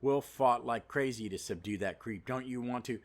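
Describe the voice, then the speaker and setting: A man's voice: medium pitch, normal speed, natural voice. A man reading out a worried young woman's urgent lines from a comic during a casual review. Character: worried young woman pleading about her brother.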